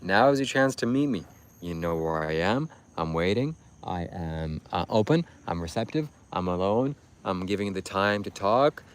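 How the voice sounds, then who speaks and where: A man's voice: deep voice, animated, moderate pace, clear, resonant tone. A man hosting a livestream, talking to his chat in a preachy, insistent, repetitive way. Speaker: livestream host. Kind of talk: livestream monologue addressing chat.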